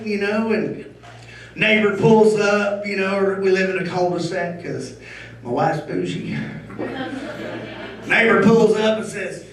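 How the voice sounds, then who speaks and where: Brash stand-up, high and lively, recorded roomy and off-mic. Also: male voice, unhurried, pauses often. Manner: loud, rowdy, crowd-baiting, crude. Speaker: stand-up comedian. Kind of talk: stand-up comedy set. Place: comedy club stage. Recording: roomy club sound from a distance.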